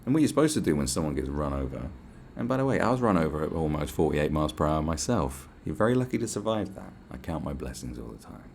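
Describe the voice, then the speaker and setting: A man's voice: extremely low pitch, quick pace, creaky, few pauses, a little hiss or hum. A young man hosting a podcast, telling stories in a casual, swearing rant and acting out quotes. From England. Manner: animated, swearing, acts out quotes in raised voices. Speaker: podcast host.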